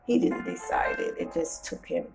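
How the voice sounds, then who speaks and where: A woman reading a children's storybook aloud with playful, expressive storytelling. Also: moderate pace, music in the background, rough recording.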